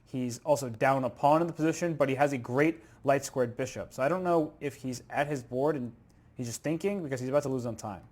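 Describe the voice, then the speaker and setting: A man commentating live chess, excitable and thinking aloud through move sequences. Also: mid-range voice, a little fast.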